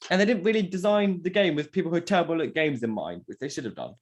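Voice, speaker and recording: Animated young man hosting a podcast. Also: fairly high pitch, quick pace. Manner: joking, teasing, animated. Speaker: podcast host. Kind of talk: casual chat.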